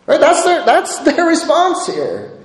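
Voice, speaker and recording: Man, pastor, sermon, high voice, earnest, repeats key points, long hall reverb. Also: huge pitch swings, a little slow. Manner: earnest, restates points for emphasis.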